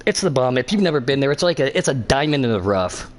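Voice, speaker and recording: A man's voice: medium pitch, big pitch swings, quick pace. A man giving casual, joking commentary on an online race, laughing often. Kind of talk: casual sim-racing commentary.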